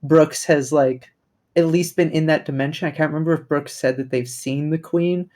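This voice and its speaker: A man's voice: on the high side, fairly even intonation, normal speed, a little mellow. A man playing a tabletop game, rambling and thinking aloud. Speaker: player. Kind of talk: casual tabletop game talk.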